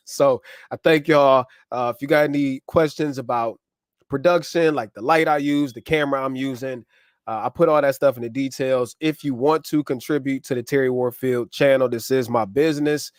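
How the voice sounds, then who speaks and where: Guy rambling on his live stream, shouting out viewers, dry close clip mic sound. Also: medium pitch, fairly even intonation, moderate pace, no echo. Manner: loose, chatty, shouting out viewers. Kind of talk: casual live stream chat. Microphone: wireless clip-on mic.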